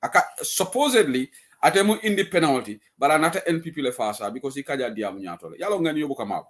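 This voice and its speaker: A man from Gambia hosting an online political talk show, speaking bluntly and forcefully while taking callers. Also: a little high, lively intonation, quick pace. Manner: blunt, forceful, switches between local language and English.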